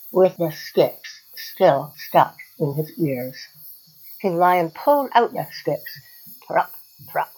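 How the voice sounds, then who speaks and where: A woman with a slightly low voice reads a storybook aloud for a library radio program. Her delivery is expressive and lively, hosting the show. A faint cricket-like chirp sits behind her. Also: breathy edge, poor audio. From Canada.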